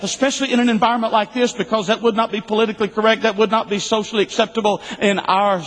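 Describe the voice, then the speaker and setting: A man preaching a sermon, emphatic and repetitive, swinging between loud bursts and quiet asides. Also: high-pitched, fairly even intonation, fast talker, hardly any pauses, in a large hall, rough recording.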